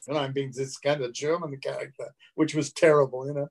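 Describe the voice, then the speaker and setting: A man's voice: mid-range voice, fairly quick, vocal fry, breathy edge. An older man with an Australian accent, a guest actor telling anecdotes in an interview and mimicking the people in them. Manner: lively raconteur who mimics the people in his stories.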